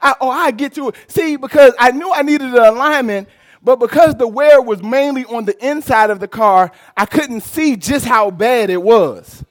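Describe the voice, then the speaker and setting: A male pastor preaching a sermon in a church, telling a personal story with lively, rising delivery and shouts. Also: very high voice, normal speed. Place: church sanctuary.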